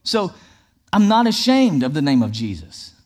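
A male pastor delivering a sermon with a fairly high voice. He preaches emphatically, often repeating phrases for effect. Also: sing-song, normal speed, a little mellow. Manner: emphatic, repetitive preaching cadence.

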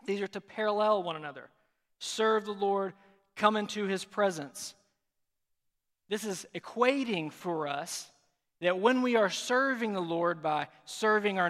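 A man's voice: high voice, fairly bright tone. A man preaching a sermon as pastor, conversational and joking now and then. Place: large church sanctuary. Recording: reverberant hall.

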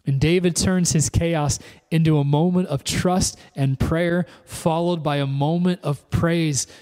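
Pastor guy preaching, kinda high voice, lots of repeating, big echoey church sound. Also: steady tone, a little slow, a little mellow. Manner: earnest, repeats phrases, builds to emphatic exhortation. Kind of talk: sermon. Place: church service, filmed. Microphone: camera. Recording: long hall reverb.

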